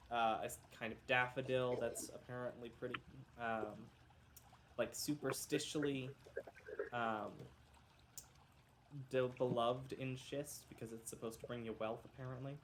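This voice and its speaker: A man's voice: medium pitch, a little slow, noisy background. A man running a tabletop game, recapping the last session in a loose, rambling way, correcting himself often, coughing now and then because he is unwell. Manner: rambling, self-correcting, joking. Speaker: game master.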